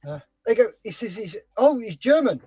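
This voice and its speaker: A man hosting a scale-modelling livestream, chatting casually and telling stories with animated voices. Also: sits high, normal speed, husky, no room sound, rough recording. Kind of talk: casual chat while building a model.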